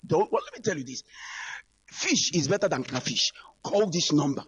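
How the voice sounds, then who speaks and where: Here a man delivers a preaching broadcast appeal, addressing listeners directly with fervent, repetitive calls. His fairly high voice is very animated and slightly rough, moving at a normal speed.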